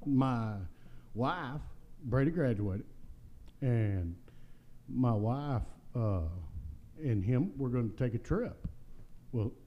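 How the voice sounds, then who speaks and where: A man's voice: medium pitch, expressive, slow pace, long pauses, highs cut off. A middle-aged man co-hosting a podcast, chatting casually with short affirmations and dry jokes. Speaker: podcast co-host. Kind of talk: casual chat.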